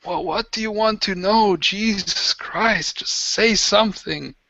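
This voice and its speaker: A man's voice: sits high, slow, creaky, pushed and bright, dry recording, pitched above the performer's own voice, heavily acted. A man voicing a terrified, wounded male enemy soldier in a tabletop game, pleading and whining in a panic. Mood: exasperated. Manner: panicky, whimpering, exasperated pleading. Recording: dull lo-fi dry recording.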